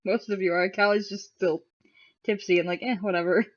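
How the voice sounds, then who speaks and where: A woman's voice: medium pitch, steady tone, normal speed, lo-fi sound, very noisy. A woman playing a tabletop role-playing game, laughing a lot and describing and quoting her character. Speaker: player. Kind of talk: tabletop role-play chat.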